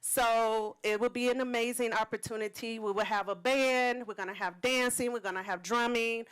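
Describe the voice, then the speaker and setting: A woman's voice: on the high side, fairly even intonation, normal speed, fairly bright tone, clear, resonant tone, low-quality recording. A woman speaking at a city council meeting, earnest and close to tears as she thanks the council for supporting her community event. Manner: heartfelt, earnest, slightly tearful. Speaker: event organizer speaking at public comment. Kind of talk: emotional public comment speech.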